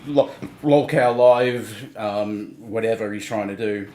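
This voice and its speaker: A man's voice: lowish voice, slow, dark tone, echoey room. A man hosting a livestream, casually ranting and mocking people in online drama, laughing between points. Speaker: livestream host.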